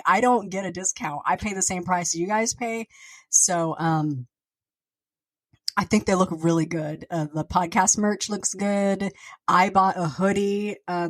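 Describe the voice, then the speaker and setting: Chatty woman, lower voice. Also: no echo. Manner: chatty, meandering, many fillers and restarts. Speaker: podcast host and author. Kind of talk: rambling casual chat.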